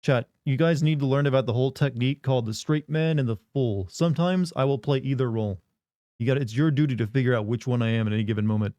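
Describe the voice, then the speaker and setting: A man's voice: medium pitch, quick pace, mellow, dry recording, lo-fi sound. A man hosting a live stream, joking and rambling in casual banter with his chat on a close desk mic. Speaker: livestream host.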